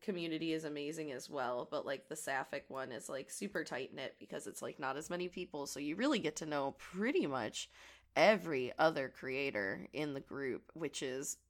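A woman with a gravelly voice today, chatting casually and rambling as she crafts. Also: sits low, moderate pace. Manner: rambling and chatty, many fillers. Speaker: audio creator and crafting vlogger. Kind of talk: casual chat while crafting.

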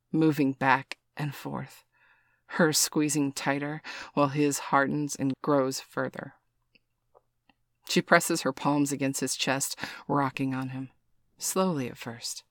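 A man reading an adult story aloud in a slow, soft, even voice. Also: mid-range voice, dry recording, clean studio sound. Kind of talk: scripted adult story narration.

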